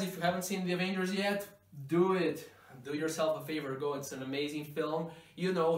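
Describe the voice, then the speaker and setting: A man teaching English pronunciation, stretching out model words slowly for learners to repeat. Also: a little high, a bit bright, far from the mic. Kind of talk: pronunciation lesson. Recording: echoey room, voice from off-mic.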